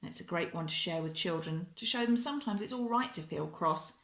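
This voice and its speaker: A woman reading a children's picture book aloud in a warm, expressive storyteller manner. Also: lowish voice, a little fast, roomy sound.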